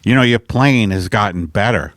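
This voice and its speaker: A man's voice: moderate pace, no echo, studio quality, lightly acted. A man voicing a weary, grumbling older husband in a comedy bit. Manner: low, flat grumble.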